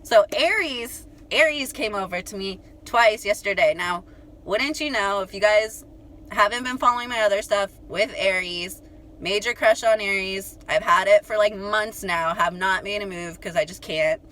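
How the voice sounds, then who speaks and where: A young woman telling a story to her viewers in a chatty, animated way, full of "like" and "you guys". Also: mid-range voice, normal speed, slight background noise. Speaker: astrology channel host.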